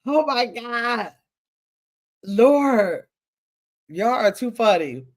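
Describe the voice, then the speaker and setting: Speaking extremely slowly but with lively intonation, an older woman with a fairly high voice hosts a casual livestream. She chats playfully and reads the viewers' comments out loud.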